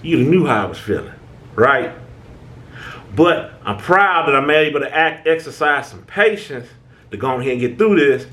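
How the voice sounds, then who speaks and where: A man's voice: a little high, expressive, normal speed, a bit bright. A man hosting a self-help talk, speaking conversationally and preachily, with frequent restarts and "right?" checks. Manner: informal American speech, stammering restarts. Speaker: channel host.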